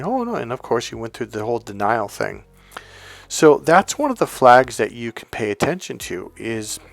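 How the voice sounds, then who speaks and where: A male dating and relationship coach telling stories in a casual, rambling monologue full of restarts and asides. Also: mid-range voice.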